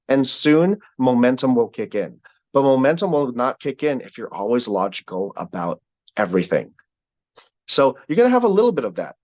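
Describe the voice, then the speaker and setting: A man leading a sales team call, giving an energetic motivational talk with a repetitive, preacher-like cadence. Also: mid-range voice, dry recording, dull audio.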